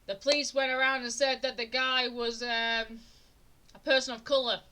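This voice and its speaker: Bright-voiced young woman streamer, chatty. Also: on the high side, little pitch movement, moderate pace. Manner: chatty, indignant, with frequent restarts and rising emphasis. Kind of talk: casual true-crime storytelling on a live stream.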